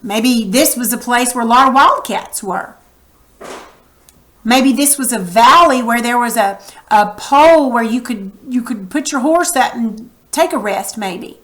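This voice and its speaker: A woman's voice: a little high, lively intonation, measured pace, fairly bright tone, low-quality recording. A woman teacher giving a recorded reading lesson, patiently asking questions and sounding out words for the class.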